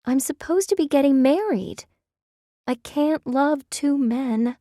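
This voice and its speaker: A woman voicing an anxious young bride who speaks in a soft, wobbly, pleading voice. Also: high-pitched, lively intonation, slow pace, no echo, studio quality, voice pushed up. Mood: distressed.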